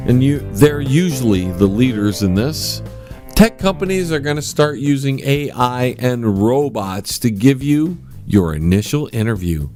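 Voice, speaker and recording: Guy hosting a call-in comedy show, lively up and down voice, faint music under. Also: medium pitch, unhurried. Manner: patient, dry straight man. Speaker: radio show host.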